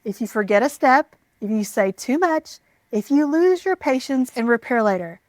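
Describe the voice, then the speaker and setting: A woman giving scripted parenting advice in a calm, measured, reassuring way. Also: a little high, no echo. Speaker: parenting educator.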